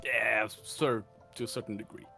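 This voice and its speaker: A man's voice: medium pitch, fairly even intonation, normal speed, gravelly, pushed and bright, soft background music. A man player chatting casually at a tabletop game, joking and laughing often. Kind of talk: casual chat among players.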